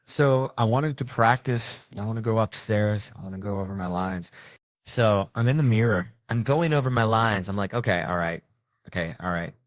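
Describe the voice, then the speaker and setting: A man's voice: fairly low pitch, moderate pace, no echo. A man doing stand-up storytelling, brash and profane, jumping into other people's voices as he acts out his stories. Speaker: stand-up comedian.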